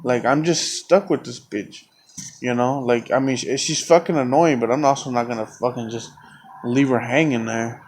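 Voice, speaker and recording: A man's voice: medium pitch, normal speed, a little mellow, a little hiss or hum. Profane rambling man telling a story. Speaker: podcast host. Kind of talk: casual storytelling.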